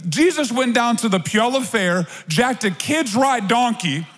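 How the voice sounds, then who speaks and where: A man preaching a sermon to his church, animated and conversational, with casual asides to the congregation. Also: extremely high pitch, measured pace. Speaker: pastor. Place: church auditorium. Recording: long reverb of a large hall.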